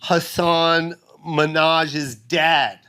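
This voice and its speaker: A man's voice: fairly high pitch, steady tone, very slow, bright, forceful tone, smooth. A middle-aged man from the United States tells an emotional story in casual chat, swearing often and acting out his mother's voice. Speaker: comedian guest.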